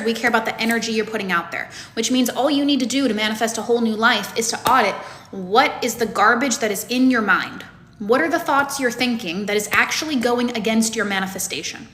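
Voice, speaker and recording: A woman's voice: fairly high pitch, moderate pace, sharp tone, echoey room. A woman coach giving a lecture to her students, blunt and emphatic, with plenty of swearing. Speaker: manifestation coach.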